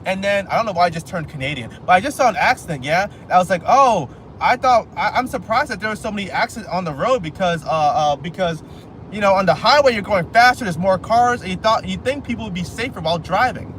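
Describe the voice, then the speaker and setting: In a car on the highway, a man streams live while driving, his high-pitched voice animated, fast and a bit bright. His talk is a casual, self-mocking ramble full of repeated phrases, over faint sounds of the road and car.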